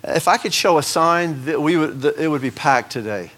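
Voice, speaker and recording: Pastor preaching in a church, slightly high voice, goes up big on the bible verses then drops low and chatty. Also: male voice, lively intonation, moderate pace, a bit bright. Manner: rises in pitch for emphatic scripture passages, drops into asides. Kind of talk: sermon. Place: church sanctuary.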